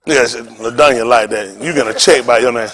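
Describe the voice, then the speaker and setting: A man preaching as pastor in a joking, rambling sermon, animated and laughing often with loud exclamations. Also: medium pitch, normal speed, a crowd in the background.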